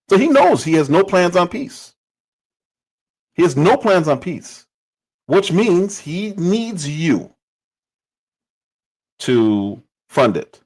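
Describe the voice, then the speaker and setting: A man's voice: a little high, sing-song, takes it slowly, pauses often, a little mellow, husky, poor audio. A man hosting a livestream and giving casual political commentary. He talks emphatically and repeats phrases for stress.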